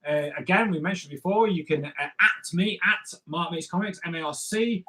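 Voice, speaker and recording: A man's voice: sits high, normal speed, sharp tone, rough recording. A man leading a live drawing lesson, rambling and joking as he draws. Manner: rambling, playful, jokey. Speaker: drawing tutor.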